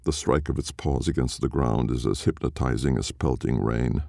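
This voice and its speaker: A man narrating a dark audiobook in a slow, grave, measured way. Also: rumbling low, vocal fry, dry recording, clean studio sound.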